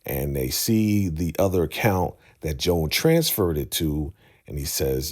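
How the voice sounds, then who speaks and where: Guy recapping an episode on his channel, deep husky voice, super animated, acts out the scenes. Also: a little slow. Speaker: show recap host. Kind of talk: casual show recap vlog. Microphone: podcast microphone.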